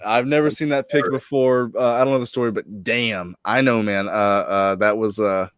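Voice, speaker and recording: A man's voice: lowish voice, moderate pace, clean tone, no room sound. A man hosting a casual podcast chat, joking and swearing freely. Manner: animated, profane, joking. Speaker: podcast host.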